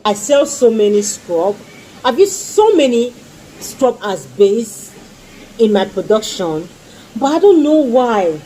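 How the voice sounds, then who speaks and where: Gushing woman with a mellow voice. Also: a little high, big pitch swings, slow pace, slight background noise, rough recording. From Nigeria. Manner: gushing, repeats exclamations and pleas. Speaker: skincare vlogger. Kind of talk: casual product review.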